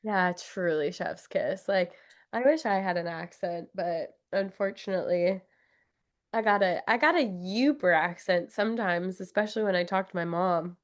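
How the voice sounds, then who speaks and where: A woman's voice: lowish voice, moderate pace. A young woman from the Midwest chatting casually on a podcast, upbeat and giggly, with lots of fillers. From Wisconsin. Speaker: podcast guest. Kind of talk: casual chat.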